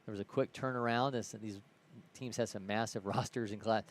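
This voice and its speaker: A man's voice: on the low side, fairly even intonation, brisk. A man from Ohio calling a live baseball game play-by-play in an easygoing way, correcting himself as he goes. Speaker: play-by-play commentator.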